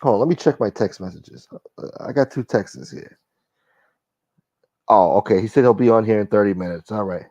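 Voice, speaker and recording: Gravelly, profane man chatting on a livestream. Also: fairly low pitch, moderate pace, dark tone, dry recording. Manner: profane, blunt, wisecracking. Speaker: livestream host. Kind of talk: casual livestream chat reading viewer comments. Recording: dull, lo-fi dry sound.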